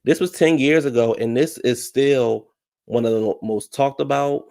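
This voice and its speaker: A man's voice: mid-range voice, moderate pace, gravelly, warm tone. A man giving a casual, blunt recap of a reality TV episode, chatty and full of asides. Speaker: reality TV commentator.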